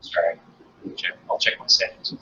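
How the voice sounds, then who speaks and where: Soft-spoken man on a distant mic. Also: moderate pace, reverberant, muffled recording, noisy background. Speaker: player. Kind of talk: casual tabletop game chat.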